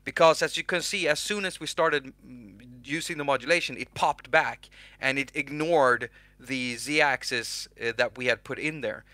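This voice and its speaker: Bright-voiced man joking through a tutorial. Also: mid-range voice, normal speed, no echo. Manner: joking, self-mocking, chatty. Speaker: host. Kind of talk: casual software tutorial.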